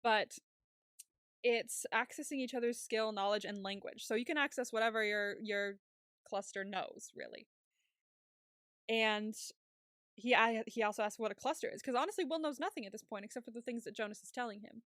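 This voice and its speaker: Young female co-host, casual recap talk, fairly high voice, acts out quotes. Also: moderate pace, no room sound, studio quality. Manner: animated retelling with quoted lines. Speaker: podcast co-host.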